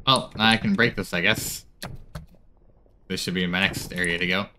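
A man's voice: deep voice, fairly even intonation, moderate pace, pushed and bright, a little hiss or hum. A man giving chatty commentary while playing a horror game, talking back to the characters on screen. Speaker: gaming streamer.

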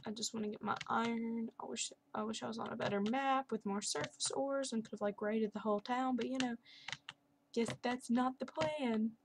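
Young woman rambling thru her minecraft game, kinda high voice, sarcastic little jokes at herself. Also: fairly even intonation, normal speed, creaky, noisy background. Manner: chatty, sarcastic, self-mocking asides. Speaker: gaming channel host. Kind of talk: casual Minecraft gameplay commentary. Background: keyboard and mouse clicks.

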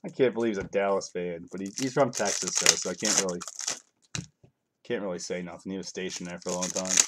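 A man's voice: deep voice, a little fast, pauses often, heavy background noise. Laid-back man chatting over card breaks. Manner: offhand, joking, reads out cards while chatting to viewers. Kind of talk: casual live-stream chat.

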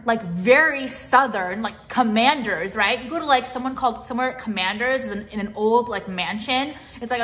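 Bright-voiced woman ranting, sweary and exasperated. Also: fairly high pitch. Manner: exasperated, sweary, heavy use of "like". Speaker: vlogger. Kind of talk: casual rant to camera. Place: car.

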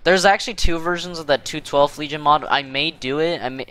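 A man's voice: a little high, a little fast, sharp tone, smooth. A man hosting casual gameplay commentary, rambling and self-deprecating, with many fillers and restarts. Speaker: gaming channel host.

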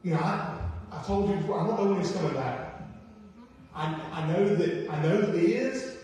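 A male pastor delivers a sermon in a high voice, talking to his congregation in a loose, conversational way and doubling back on his phrases. He sounds far from the mic, with long church reverb carrying his words. A faint hiss sits under the recording. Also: normal speed, a little mellow. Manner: conversational preaching with repetitions, acts out quoted voices. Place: church sanctuary.

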